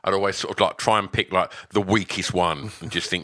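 A middle-aged man co-hosting a podcast over a video call, trading teasing banter. His voice is very low yet bright, and the sound is dry and close. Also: fairly even intonation, fairly quick, no room sound. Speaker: podcast co-host. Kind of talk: casual chat.

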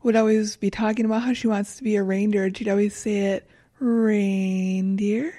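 Mellow-voiced woman chatting. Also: mid-range voice, flat delivery, fast talker, no room sound. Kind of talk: casual chat.

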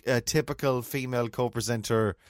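A man's voice: mid-range voice, brisk, dry recording, clean studio sound. A middle-aged man co-hosting a casual chat, telling funny stories with laughs. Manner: storytelling, lively, full of laughs. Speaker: co-host.

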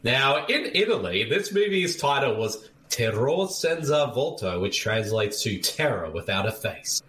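A man's voice: mid-range voice, unhurried. A man co-hosting a podcast, joking and laughing as he explains things in casual banter. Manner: laughing, joking, animated describing. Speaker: podcast co-host. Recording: echoey room.

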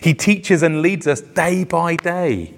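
Taking it slowly in a fairly high, gravelly voice with fry, a pastor delivers a sermon in church via microphone to a live congregation. His preaching is earnest and emphatic, rising on the words he aims to land.

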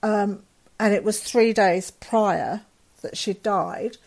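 A woman's voice: medium pitch, fairly even intonation, takes it slowly, a little mellow. A middle-aged woman, a guest telling a personal story in a candid, earnest way with fillers and restarts. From England.

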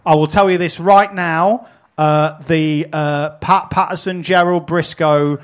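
A man hosts a live podcast before an audience. He swears freely and tells his stories with animated energy and frequent laughs. His voice sits a little high for a man. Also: measured pace, clear, resonant tone. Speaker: podcast host and wrestling promoter.

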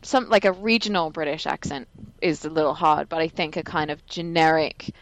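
A woman's voice: sits low, fairly quick, poor audio. Chatty woman with filler-heavy speech. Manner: chatty, full of "like" fillers, laughs often. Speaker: podcast co-host. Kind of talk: casual film-review chat.

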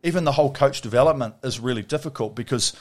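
A man's voice: medium pitch, fast talker. Blunt, foul-mouthed New man. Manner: blunt, swears freely, animated storytelling. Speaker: interview guest, former Olympic rower. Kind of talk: casual interview chat.

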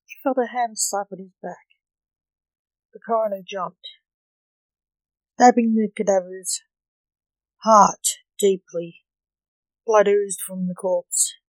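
A slow, measured storyteller reading a dark fantasy tale aloud. The voice sits at an ordinary middle pitch and sounds dry and close, with no room around it. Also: fairly even intonation, no room sound, poor audio. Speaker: narrator.

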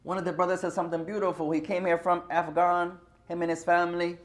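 A man's voice: high voice, little pitch movement, fast. Man teaching a mosque class. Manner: earnest, sprinkles Arabic phrases, addresses the congregation as brothers. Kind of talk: religious class talk.

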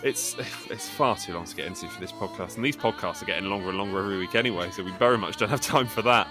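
A man's voice: low-pitched, very fast, bright, forceful tone, faint music behind. A man co-hosting a podcast, making wry, joking asides. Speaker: podcast co-host. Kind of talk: casual podcast chat.

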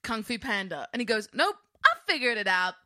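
A young woman co-hosting a casual chat podcast, giggling often and breaking into silly animal noises. Her voice is bright and lively, swinging high and low. The sound is close and dry. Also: fairly quick, no room sound. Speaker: podcast co-host.

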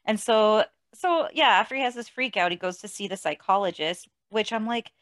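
A woman's voice: mid-range voice, normal speed, hardly any pauses, dry recording, studio quality. A woman hosting a podcast, chatting casually about a movie, laughing often and peppering her talk with "like.". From outside the US. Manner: laughs often, animated, says "like" a lot. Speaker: podcast host. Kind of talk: casual movie review chat.

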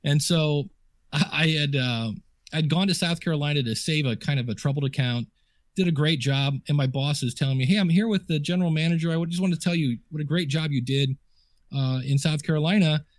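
A man's voice: on the high side, fairly quick, dry recording, studio quality. A man guesting on a podcast interview, telling chatty anecdotes full of quoted dialogue and fillers. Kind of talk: casual storytelling interview. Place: home office desk.

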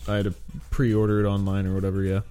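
A man with a fairly low voice rambles through a laid-back gaming chat, dropping casual swears and laughing often. Faint music plays quietly behind him. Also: completely flat delivery, quick pace, clear, resonant tone. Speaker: podcast co-host.

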